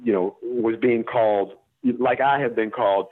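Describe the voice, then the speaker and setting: A man from the American Deep South speaks over a thin, tinny phone-like line, his voice sitting in a middle register. He talks with blunt emphasis and cusses freely. He laughs through his points as he tells stories. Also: normal speed, few pauses, no room sound. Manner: emphatic, profane, laughs while making points. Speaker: actor guest. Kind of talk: candid interview conversation.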